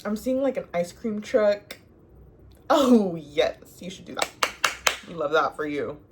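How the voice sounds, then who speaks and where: Young woman, sassy vlogger, low-set voice, faint hiss. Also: takes it slowly. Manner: sassy, animated, laughs often, talks to viewer as girl. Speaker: advice vlogger. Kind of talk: casual advice monologue.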